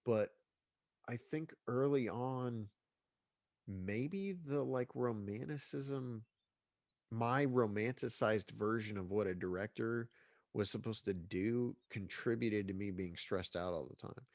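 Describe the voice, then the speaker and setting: Stuffy-nosed guy, lowish voice, rambly chat full of restarts, dry sound. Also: slow, a little mellow, no room sound. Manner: rambling, with many restarts and fillers. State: congested. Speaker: guest filmmaker. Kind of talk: casual interview chat.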